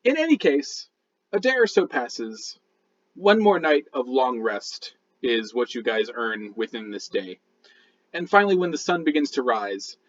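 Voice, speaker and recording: A man narrating a tabletop game as dungeon master, rambling with lots of fillers and restarts. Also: on the high side. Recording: dull lo-fi sound.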